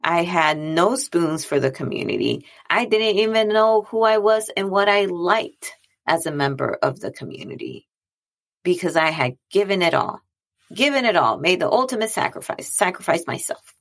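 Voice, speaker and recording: Woman, low gravelly register, earnest chatty monologue, repeats lines to drive the point home. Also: moderate pace. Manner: earnest, conversational, repeats phrases for emphasis. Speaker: speaker on mental health and boundaries. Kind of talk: reflective monologue.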